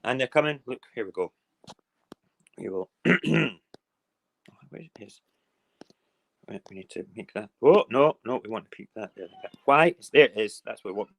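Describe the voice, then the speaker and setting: A Scottish man hosts a relaxed morning live stream from home, wandering between the kitchen and the windows as he chats and playfully repeats words in runs. His voice is medium-pitched, animated and gravelly, at normal speed with long pauses. The audio is poor, with no room sound.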